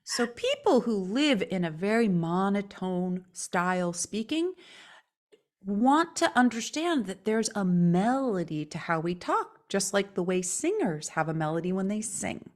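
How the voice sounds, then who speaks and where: A woman coaches on speaking voice in an instructional chat, lively and demonstrative, often acting out the sounds she describes. Her voice is medium-pitched and her pace measured.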